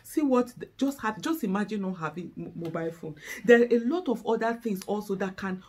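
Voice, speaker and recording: A woman's voice: mid-range voice, animated, a little fast, a little mellow, husky. A middle-aged Nigerian woman with a Nigerian accent, delivering an impassioned, emotional speech to camera, fervent and close to tears. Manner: fervent, rising to exasperated outbursts. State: tearful, close to breaking down. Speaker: activist.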